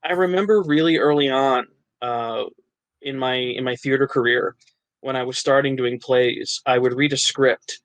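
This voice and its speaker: A man's voice: medium pitch, fairly even intonation, normal speed, no echo, poor audio. A man from New Jersey, an actor and writer, chatting as a podcast guest, laughing often and restarting his sentences. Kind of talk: casual interview chat.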